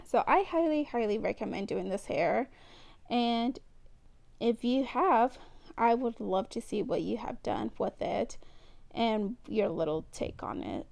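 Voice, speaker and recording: A woman's voice: on the high side, lively intonation, unhurried, vocal fry, darkish tone. A young woman chatting casually and giggling as she talks through a hair tutorial, teasing herself when she slips up. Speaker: beauty vlogger.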